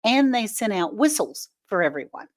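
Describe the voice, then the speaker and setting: A woman hosting a casual live stream, telling animated stories in folksy words and laughing often as she greets viewers. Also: mid-range voice, normal speed. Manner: folksy, homespun talk.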